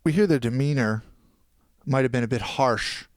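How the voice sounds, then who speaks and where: The recording is clean studio sound with no room noise, capturing a young New Jersey man at medium pitch and normal speed. As a podcast guest he casually tells a long story, animatedly acting out the people he quotes.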